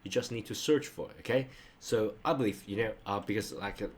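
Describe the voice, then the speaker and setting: Low-voiced man teaching. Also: fairly quick, a little hiss or hum. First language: Mandarin. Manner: loose and chatty, ends points with a checking "okay?". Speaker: online Mandarin teacher. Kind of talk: casual screen-share lesson.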